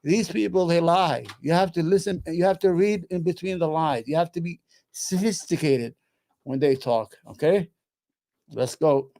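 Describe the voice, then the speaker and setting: A man's voice: on the high side, normal speed, mellow. A man hosting a show, giving blunt, heated reaction commentary and swearing freely. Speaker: host.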